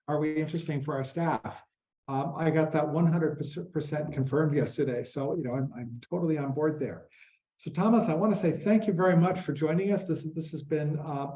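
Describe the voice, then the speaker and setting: A man's voice: on the high side, dark tone. A man hosting an online conference conversation, chatty and loose with many fillers, over a video call. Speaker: host. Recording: roomy, dull sound.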